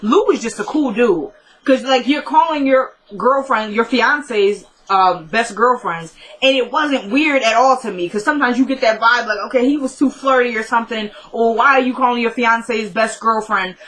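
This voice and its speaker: A woman's voice: a little high, normal speed, fairly bright tone, poor audio. A woman casually recapping a TV episode in a chatty, conversational storytelling manner. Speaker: show recap host.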